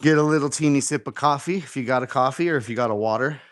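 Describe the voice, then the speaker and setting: A man's voice: medium pitch, fast, a bit bright. A middle-aged man hosting a live workout show, casually coaching and counting reps aloud, a little out of breath as he exercises. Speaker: fitness show host.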